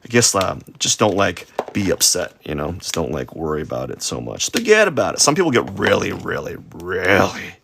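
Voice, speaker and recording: A man's voice: deep voice, big pitch swings, moderate pace, vocal fry, hardly any pauses, noisy background. A man streaming a drawing session live, rambling and joking about his own work as he sketches. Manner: rambling, self-deprecating, with silly sound effects. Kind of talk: casual live-stream commentary while drawing.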